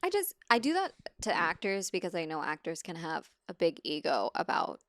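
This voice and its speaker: A woman with a lowish voice speaks at normal speed, with no room sound, as a guest on a Los Angeles podcast. An actor and script supervisor, she chats casually and tells animated stories, acting out quotes and laughing.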